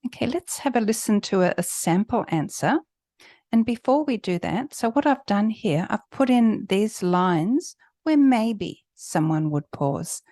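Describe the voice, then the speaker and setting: A woman who is a native English speaker, tutoring for an English test with clear, explanatory talk and slowed emphasis. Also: mid-range voice, lively intonation, mellow, no echo, clean studio sound. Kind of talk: online teaching.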